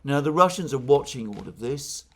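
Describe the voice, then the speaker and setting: A man giving solo political commentary in a measured, explanatory way. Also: mid-range voice, lively intonation, fairly bright tone.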